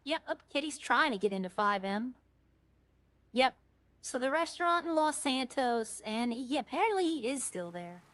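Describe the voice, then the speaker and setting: Streaming a game, this woman rambles and thinks out loud as she chats casually with viewers. Her voice sits high and sing-song, a bit bright, at a moderate pace, with no room sound.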